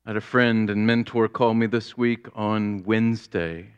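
A man preaching a sermon as pastor, deliberate, building to fervent exclamations. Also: on the low side, fairly even intonation, clear, resonant tone, lo-fi sound.

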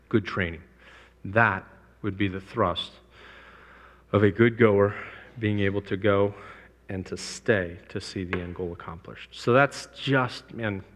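A man's voice: on the low side, a bit bright. Emphatic male preacher in a reverberant hall. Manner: emphatic, repeats key points, lifts voice to press them. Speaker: missions speaker. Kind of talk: preaching talk to a live audience.

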